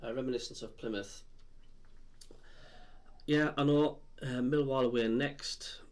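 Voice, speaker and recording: A man's voice: mid-range voice, fairly even intonation, unhurried, darkish tone. A man with a Sunderland (Mackem) accent, streaming live as a football fan, reading out viewer comments in a blunt, frustrated, deflated way with lots of ums. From Sunderland, England.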